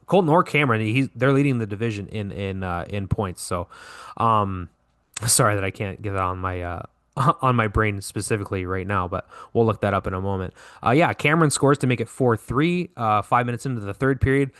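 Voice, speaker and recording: This podcast co-host runs through hockey scores in a relaxed way, full of fillers and self-corrections. His voice is lowish and a bit bright, at a moderate pace, recorded in studio quality without echo.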